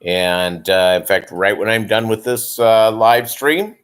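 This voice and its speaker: A man's voice: fairly low pitch, measured pace, smooth. A man who breeds fish, chatting casually and rambling on his live stream and calling viewers "gang".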